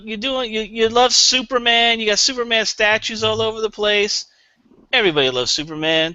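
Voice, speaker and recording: A man's voice: sits high, pushed and bright, clear, resonant tone, dry recording. A man on a comedy panel game, giving a mock-serious, argumentative improvised answer. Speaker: panel contestant. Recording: muffled lo-fi recording.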